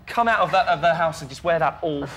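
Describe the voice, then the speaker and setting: Male presenter, quick talker, high bright voice, jokey upbeat manner, faint hiss. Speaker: host. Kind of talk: breakfast show presenting.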